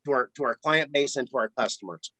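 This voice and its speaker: A man who runs a flower shop, telling a story in a relaxed interview with plenty of repeated words. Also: medium pitch, quick pace, dry recording. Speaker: florist and shop owner. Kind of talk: casual storytelling in a podcast interview.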